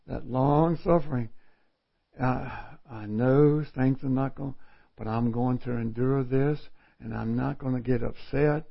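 Slow-talking folksy preacher man. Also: mid-range voice, gravelly, highs cut off. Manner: folksy, self-mocking, laughs often. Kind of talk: sermon.

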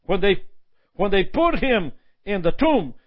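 A man's voice: high-pitched, sing-song, unhurried, dull audio. A male pastor preaching a sermon with impassioned repetitions and prayerful asides.

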